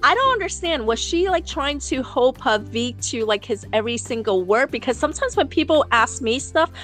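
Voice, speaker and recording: A woman's voice: high voice, animated, normal speed, fairly bright tone, soft background music. A woman from New City, co-hosting a podcast in casual, blunt chat, swearing freely and restarting her sentences often. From New York City. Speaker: podcast co-host.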